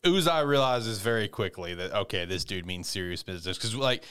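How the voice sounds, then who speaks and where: A man casually recapping an anime episode, rambling and swearing, who jumps into squeaky high voices when he acts out the characters. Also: animated, a little fast, a bit bright, clear, resonant tone.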